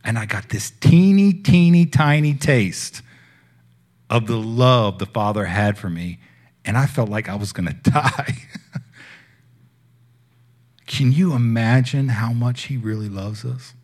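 A young man preaching, telling a personal faith story in a casual, heartfelt way that swings between hushed and loud. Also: on the low side, normal speed. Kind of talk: sermon testimony.

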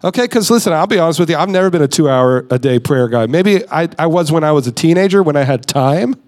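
A man with a high voice preaches in a casual, conversational way. He leans into points with emphasis and slips into quick mock voices to act out the people he mentions. He sounds like a guest speaker in his thirties. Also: expressive, a little mellow. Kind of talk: sermon.

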